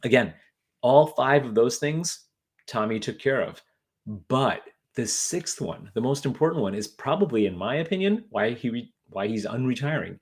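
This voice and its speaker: A man's voice: medium pitch, lively intonation, normal speed. A man hosting a casual talk on retirement money, chatty and joking, with many fillers and restarts. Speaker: financial advisor, video host.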